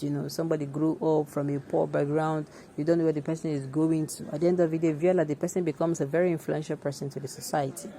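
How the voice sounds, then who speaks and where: A woman's voice: sits low, dark tone, slight background noise. A woman with a Nigerian accent hosting opinionated news commentary in an emphatic, conversational way, full of asides and restarts. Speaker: commentary host.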